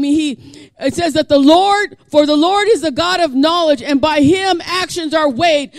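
A male pastor preaching a sermon, reading scripture aloud and breaking into passionate, shouted exhortation. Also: extremely high pitch, dry recording. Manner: impassioned, builds to shouting.

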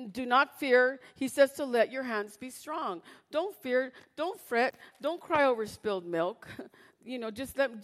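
A woman with a high voice preaches in a church, and her words ring out with a long hall echo. She reads scripture loudly and with fervor, then drops to a hushed voice for personal stories. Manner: impassioned, shifts from loud scripture reading to hushed storytelling. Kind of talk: sermon.

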